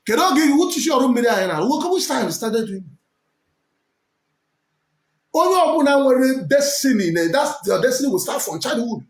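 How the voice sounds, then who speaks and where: A man with a Nigerian accent preaching forcefully as a prophet, switching between English, Pidgin and Igbo. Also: very high-pitched, sing-song, fairly quick, long pauses. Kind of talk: preaching to camera. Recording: echoey room.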